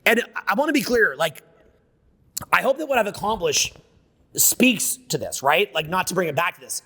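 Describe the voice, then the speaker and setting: A man's voice: sits high, expressive, normal speed, bright, forceful tone, breathy edge, long reverb tail. A man giving a live seminar talk, brash and profane, riffing off the cuff. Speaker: seminar speaker. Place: seminar room with an audience.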